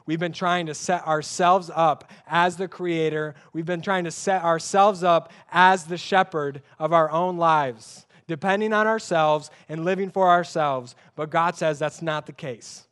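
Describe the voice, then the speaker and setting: A man's voice: fairly high pitch, a bit bright, clean tone. A young man preaching a sermon as pastor, conversational and emphatic, with many rhetorical questions.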